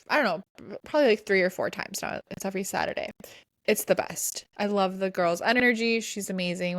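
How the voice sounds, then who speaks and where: A woman's voice: medium pitch, fairly bright tone, no room sound, clean studio sound. A woman co-hosting a podcast, telling a story in a casual, rambling way with lots of restarts. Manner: chatty, rambling with many restarts and "like". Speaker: podcast co-host. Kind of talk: casual chat.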